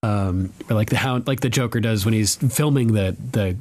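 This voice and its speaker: A male podcast host recapping a TV episode in relaxed, casual chat. He is animated, laughs often and swears freely. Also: on the low side, normal speed.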